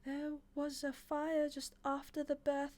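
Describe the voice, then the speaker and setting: Middle-aged ex-nun, hollow and blank, pitched up a little, a woman doing her, storybook reading. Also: completely flat delivery, measured pace, a little mellow. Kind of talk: audiobook reading.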